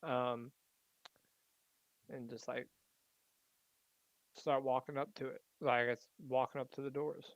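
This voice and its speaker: A man playing in a tabletop game, describing his character's actions in a laid-back, deadpan way with halting fillers. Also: mid-range voice, dry recording, highs cut off.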